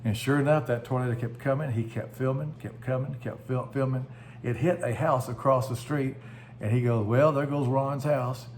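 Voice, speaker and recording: A man's voice: medium pitch, fairly even intonation, moderate pace, a little mellow, a little hiss or hum. A man pastor giving a short devotional message, telling stories in a folksy way that livens up at dramatic moments.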